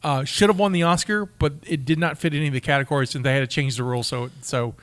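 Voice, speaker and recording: A man's voice: on the high side, steady tone, quick pace, fairly bright tone, dry recording. A man co-hosting a podcast, reading out trivia with eager stumbles and laughs in casual chat. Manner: enthusiastic, reads facts aloud with stumbles and laughs. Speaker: podcast co-host.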